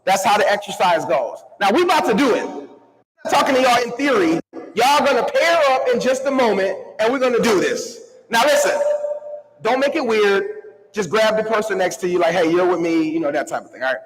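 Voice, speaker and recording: A man giving an energetic motivational keynote to a live crowd, calling on the audience to answer and move along with him. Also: extremely high pitch. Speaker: motivational speaker. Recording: long hall reverb.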